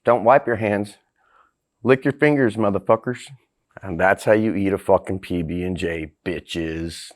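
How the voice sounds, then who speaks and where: A man's voice: deep voice, a little slow. A man hosting a crude comedic cooking vlog, brash and profane, laughing often. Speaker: host.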